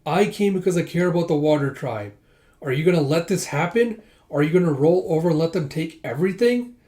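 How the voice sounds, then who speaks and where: A man's voice: on the high side, animated, a little fast, warm tone, voice pushed up, close to an everyday voice. A man voicing a determined young noblewoman from a comic, speaking firmly and urgently as he reads it aloud. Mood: insistent. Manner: firm, blunt and urgent. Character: determined young noble girl rallying merchants.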